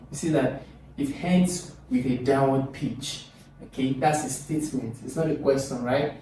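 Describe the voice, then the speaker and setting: Male teacher, animated and demonstrative, mellow tone; far-off mic in a very echoey room. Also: normal speed, slight background noise. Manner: lively, demonstrative, swoops pitch on example phrases. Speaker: English teacher. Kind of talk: recorded video lesson.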